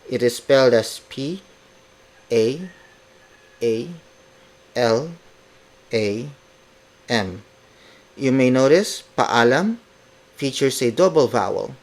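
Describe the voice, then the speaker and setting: A man hosting a podcast, teaching words slowly and patiently, repeating each phrase several times and spelling it out letter by letter. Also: mid-range voice, expressive. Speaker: podcast host teaching Tagalog. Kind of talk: slow language lesson with repeated drills. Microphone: podcast mic.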